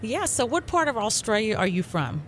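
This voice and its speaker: A woman's voice: a little high, big pitch swings, normal speed, fairly bright tone, slight background noise. A woman hosting a radio show, chatty and teasing. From Texas. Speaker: radio host. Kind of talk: casual radio interview.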